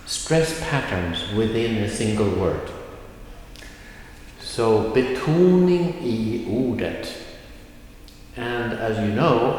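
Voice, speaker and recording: A man with a lowish voice gives a patient language lesson at a whiteboard, drawing out example words at an unhurried pace. The recording is roomy, with a long reverb tail and a faint hiss underneath. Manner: slow, patient explaining with stretched example words. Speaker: Swedish language teacher. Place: classroom with whiteboard.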